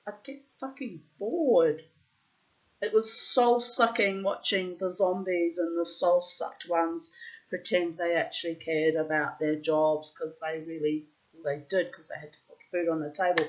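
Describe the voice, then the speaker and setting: A middle-aged woman rambling profanely through a casual monologue with theatrical asides. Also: fairly low pitch. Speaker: reader and host. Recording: dull lo-fi recording.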